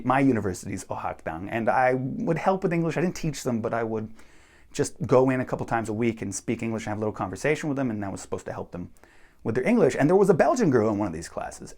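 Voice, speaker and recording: A young man telling stories in a casual, animated monologue, bluntly acting out the people he quotes. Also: mid-range voice. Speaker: vlogger.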